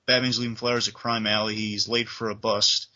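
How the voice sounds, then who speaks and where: Male co-host, eager storyteller, bright forceful voice, dull lo-fi sound. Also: on the low side, level tone, brisk. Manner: enthusiastic, retells scenes with sound effects. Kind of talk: casual review chat.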